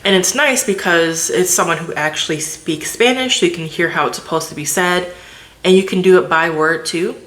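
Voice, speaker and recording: A woman's voice: on the low side, normal speed, a bit bright. A woman vlogger chatting casually to the camera, loose and filler-heavy. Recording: roomy echo.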